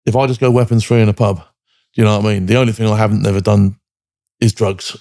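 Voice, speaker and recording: A fast, gravelly man past forty telling hard stories bluntly, swearing freely. His voice is dark and husky-edged, recorded dry and close. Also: lowish voice, little pitch movement, no room sound. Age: 40s or older. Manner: blunt, heavy swearing, frequent "do you know what I mean". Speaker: guest, military veteran. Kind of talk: candid podcast interview.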